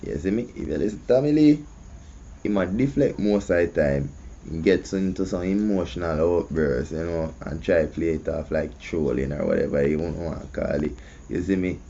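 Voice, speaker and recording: A man's voice: deep voice, normal speed, vocal fry, mellow, a little hiss or hum. A man with a Jamaican accent hosting casual commentary, often asking "you see me". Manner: conversational, repeats "you see me". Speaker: host. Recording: muffled lo-fi audio.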